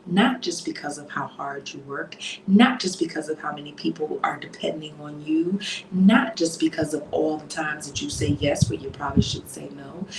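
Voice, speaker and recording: A woman from New Jersey with a slight Southern accent at times, giving a soothing, affectionate motivational talk that often drops to a breathy near-whisper. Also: low voice, echoey room, a little hiss or hum, rough recording. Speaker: motivational coach. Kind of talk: soft-spoken motivational talk.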